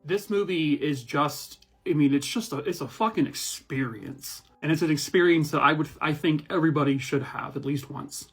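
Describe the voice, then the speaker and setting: A man's voice: a little high, normal speed, hardly any pauses, slightly rough, soft background music. A man chatting casually as an online reviewer, enthusiastic, rambling and profane.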